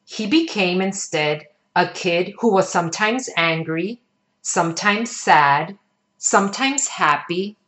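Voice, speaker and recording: A woman reading a children's picture book aloud in an expressive storytelling manner. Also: lowish voice, slow. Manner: expressive, sing-song storytelling.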